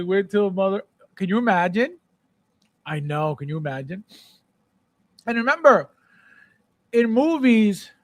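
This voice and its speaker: High-voiced animated male livestream host. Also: dry recording. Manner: animated, repeats phrases, playful shouting bits. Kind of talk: casual live chat reading viewer comments.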